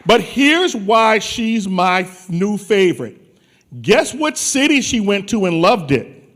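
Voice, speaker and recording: A man from New Orleans hosting a conference on stage, bantering and teasing people in playful, joking chatter. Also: high voice. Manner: teasing, animated, quick jokes. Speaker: conference host.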